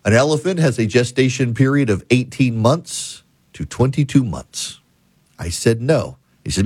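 A man's voice: medium pitch, lively intonation, moderate pace, a little mellow, slightly rough, no echo. A middle-aged man hosting a talk radio show, telling stories emphatically and building to a punchline.

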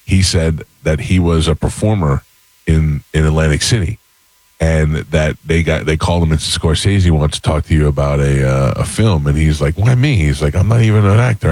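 Deep-voiced man telling stories. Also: no room sound, low-quality recording. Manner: animated anecdotes, acting out others' voices. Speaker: podcast host. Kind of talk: casual storytelling chat.

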